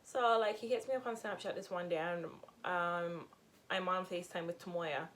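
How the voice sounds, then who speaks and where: A woman's voice: fairly low pitch, fairly even intonation, normal speed, fairly bright tone, a little hiss or hum. A young adult woman in a casual storytime vlog, telling her story candidly and expressively, with lots of fillers and swearing. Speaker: vlogger.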